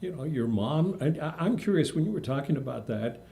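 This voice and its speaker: A male interviewer asks his questions haltingly and stumbles over his words. His voice has a warm, mellow tone. He sounds a little distant from the mic, and there is faint noise behind him. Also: mid-range voice, animated, creaky. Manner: hesitant, stammering questions.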